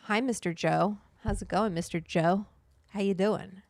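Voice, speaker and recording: A woman's voice: medium pitch, steady tone, a little slow, gravelly, a little mellow, no echo, studio quality. A woman hosting a livestream, chatting casually, greeting viewers by name and swearing freely. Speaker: livestream host.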